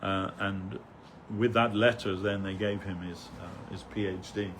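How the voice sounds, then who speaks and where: A man's voice: deep voice, fairly even intonation, unhurried, noisy background. An older man giving a rambling, anecdotal remembrance talk as a devotee speaker at a temple festival, with many fillers, restarts and chuckles.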